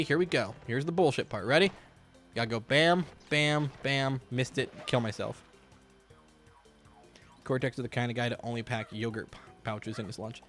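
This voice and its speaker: A man's voice: medium pitch, a bit bright. A man giving casual, rambling commentary while streaming a game, joking and swearing freely, in a hot room at home.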